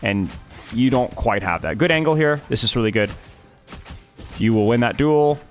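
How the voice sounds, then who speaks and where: A man's voice: mid-range voice, lively intonation, moderate pace, faint music behind. Guy coaching a replay, pushy and emphatic, says stuff twice, normal mid voice. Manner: emphatic, repeats his points several times. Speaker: game coach. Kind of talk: coaching over a gameplay replay.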